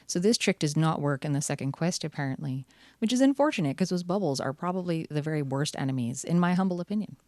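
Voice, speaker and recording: Woman, low-ish voice, casual card-opening chat, cheerful with wry asides, dry close sound. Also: animated, quick pace, a little mellow, no echo. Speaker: channel host.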